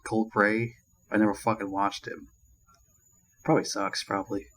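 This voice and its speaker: A man's voice: on the low side, little pitch movement, normal speed, fairly bright tone, low-quality recording. A man giving a casual movie review, rambling and ranting with constant swearing and crude jokes. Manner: crude, profanity-laden rambling; annoyed ranting.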